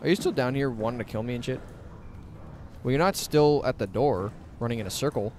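A man giving sarcastic let's play commentary, swearing often and loudly mocking the monster in a high, shouting voice. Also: brisk, slight background noise. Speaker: gaming commentator. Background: game music.

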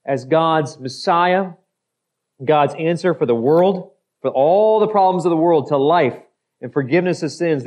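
A male pastor delivers an expository sermon in a fairly high, slightly mellow voice. He acts out skeptical voices, and he often repeats phrases and corrects himself mid-sentence.

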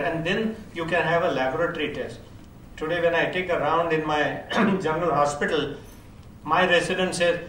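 A man's voice: a little high, a bit bright, a little hiss or hum. Older man, wry lecturer who chuckles through his stories; recorded far off in a roomy, echoing hall. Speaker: pediatrics professor. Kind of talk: lecture with anecdotes. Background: audience laughter.

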